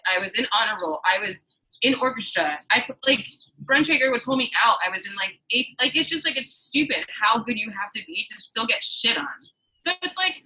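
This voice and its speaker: Heated, emphatic woman with a bright voice. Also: fairly high pitch, rough recording. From suburbs of New York City. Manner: heated, emphatic, swears freely. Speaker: guest. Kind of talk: casual conversation.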